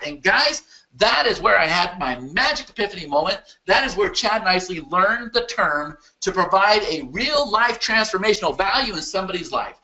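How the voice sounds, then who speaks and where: A man presenting a webinar in an emphatic, repetitive motivational sales-pitch style. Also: animated, normal speed, bright, forceful tone, muffled recording.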